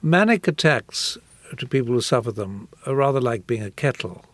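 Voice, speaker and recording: A man recalling someone he knew in a gentle, unhurried interview. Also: mid-range voice, animated, no echo. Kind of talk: reflective interview talk.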